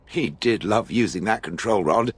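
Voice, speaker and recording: A deep, husky, sardonic stone golem. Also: male voice, normal speed. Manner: dry, mocking, condescending. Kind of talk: video game dialogue.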